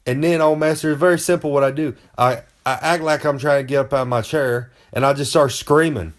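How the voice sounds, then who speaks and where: A man's voice: on the high side, steady tone, a little fast, hardly any pauses. A man giving a comic, boastful monologue. He rambles in a folksy way and talks about himself in the third person. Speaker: wrestler giving comic advice.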